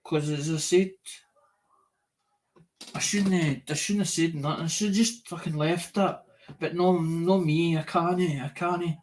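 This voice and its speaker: A man chats loosely on a livestream. His voice sits a little high for a man. He circles back on his own words, stumbles over them and swears freely. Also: steady tone, unhurried, darkish tone. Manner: repetitive, swears a lot, loses track of words. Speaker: livestream host. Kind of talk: rambling casual livestream chat.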